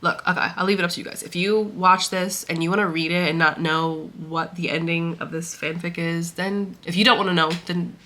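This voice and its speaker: A young book vlogger casually retells a story she read, rambling with many fillers and getting emotional, tearful, laughing and sighing as she goes. Her voice is on the low side with a steady but sharp tone, fairly quick with hardly any pauses.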